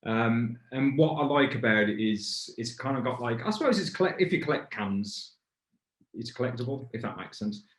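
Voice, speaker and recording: A man's voice: medium pitch, expressive, moderate pace, roomy sound. A man hosting a casual beer review in a pub, rambling and stopping to restart his thoughts. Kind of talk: casual chat.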